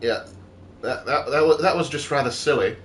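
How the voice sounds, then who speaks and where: A man's voice: mid-range voice, moderate pace, reverberant. A man co-hosting a casual livestream, reading viewer questions aloud and joking with stammering restarts.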